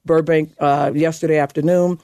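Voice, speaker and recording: An older woman from Chicago, a political candidate speaking as a guest on a radio talk show, emphatic and animated, her voice climbing high when she tells stories. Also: normal speed, dry recording.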